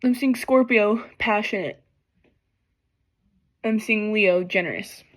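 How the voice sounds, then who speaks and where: A woman doing an emotional tarot reading for the camera, talking in halting, apologetic bursts and tearing up. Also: medium pitch. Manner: tearful, overwhelmed, halting and apologetic. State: crying at times. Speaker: tarot reader.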